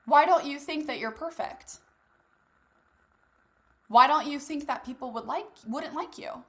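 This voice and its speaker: A woman's voice: high voice, unhurried, a bit bright. A young woman hosting a live coaching masterclass who talks casually and bluntly, swearing freely and speaking straight to her listeners. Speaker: host leading a live masterclass. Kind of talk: motivational coaching talk.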